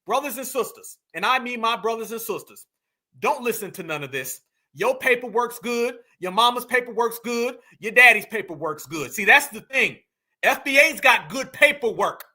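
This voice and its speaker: A man hosting a live stream, reacting to a clip with loud, mocking, dismissive commentary and lots of repetition. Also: extremely high pitch, lively intonation, moderate pace. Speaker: livestream host.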